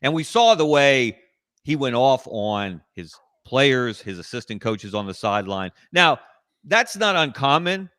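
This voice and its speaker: A man guesting on a sports talk show, making measured, analytical points over a video call in a casual discussion. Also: medium pitch, animated, fairly bright tone, clean tone, no room sound, clean studio sound.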